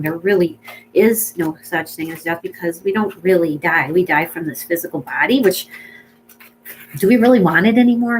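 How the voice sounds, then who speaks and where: Woman medium, warm-hearted and weepy, lots of ums, soft reassuring tone. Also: fairly low pitch, a little hiss or hum, low-quality recording. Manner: emotional, tearful at times, many fillers, soothing reassurance. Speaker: pet medium. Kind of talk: casual spoken reading to a client.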